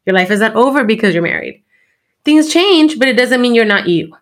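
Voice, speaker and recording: A woman's voice: a little high, expressive, a little fast. A woman in her thirties co-hosting a podcast, talking candidly and slipping Spanish phrases into her English. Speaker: podcast co-host. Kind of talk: casual chat.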